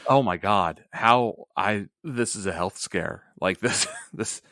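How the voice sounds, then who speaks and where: Man, podcast co-host, casual joking chat, low-ish voice, laughs a lot, dry sound. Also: slow pace, no room sound. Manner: laughs often, animated and joking.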